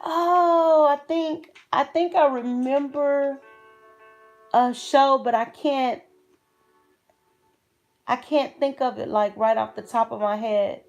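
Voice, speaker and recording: High-voiced giggly woman. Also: takes it slowly, long pauses, darkish tone, lo-fi sound, faint music behind. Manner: giggly, laughs often between phrases. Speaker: channel host. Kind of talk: casual livestream chat.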